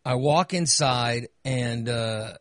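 A man hosting a podcast, exhausted and telling a casual story in an animated way, swearing and acting out what he said. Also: mid-range voice, slow pace, no echo. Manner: animated, swears, acts out his own quotes. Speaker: podcast host.

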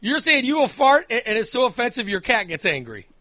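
A man hosts a call-in chat with a high voice that swings about animatedly. His tone is bright and forceful, close and dry, and he teases his caller bluntly with crude humor. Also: very animated, brisk, no echo. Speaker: host.

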